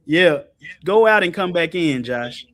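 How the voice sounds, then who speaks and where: A man teaching Bible study in an animated, colloquial way, speaking on a video call. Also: unhurried. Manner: lively, colloquial, jumps high in pitch for emphasis, laughs often.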